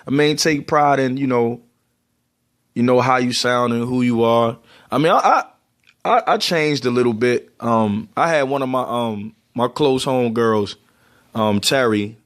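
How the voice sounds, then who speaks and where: A man's voice: medium pitch, unhurried. A man from Baltimore with a Baltimore accent, rambling casually to the camera with lots of fillers. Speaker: vlogger.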